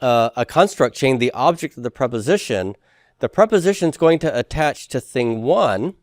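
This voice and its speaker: Here a teacher's mid-range voice has lively intonation and a moderate pace, captured dry at studio quality. His lecture moves step by step, punctuated by checking questions to the class and plenty of filler words.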